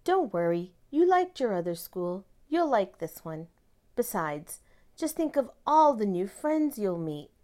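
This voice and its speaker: A woman voicing a patient father who coaxes his daughter, gentle and then firm. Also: mid-range voice, big pitch swings, a little slow. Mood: coaxing.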